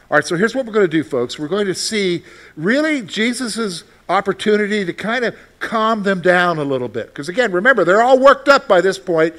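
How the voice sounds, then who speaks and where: A man's voice: high voice, lively intonation, fairly quick, fairly bright tone. A male pastor preaching a sermon in a conversational way, asking the listeners questions and reading from scripture. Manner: conversational, asks the congregation questions.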